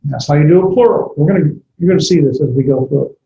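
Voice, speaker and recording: A male instructor giving a classroom lecture, halting often with fillers and restarts. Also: fairly high pitch, creaky, warm tone. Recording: roomy, dull lo-fi lecture recording.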